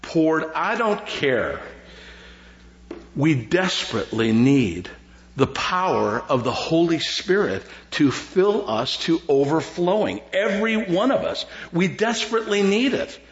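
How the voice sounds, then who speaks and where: Joking preacher. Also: male voice, on the high side, unhurried, echoey room. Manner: animated preaching with jokes and repetition. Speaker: pastor. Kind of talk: sermon. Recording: dull lo-fi sound.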